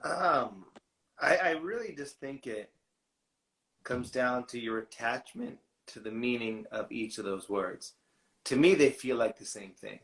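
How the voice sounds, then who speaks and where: A man's voice: medium pitch, animated, unhurried, fairly bright tone, echoey room, rough recording. Man podcast co-host, plainspoken and casual, with a few hesitant restarts.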